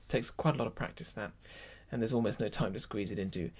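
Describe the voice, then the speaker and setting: A man's voice: fairly low pitch, expressive, quick pace, vocal fry, breathy edge. A man leading an online choir rehearsal, explaining German pronunciation and musical phrasing and counting the singers in. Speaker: choir leader.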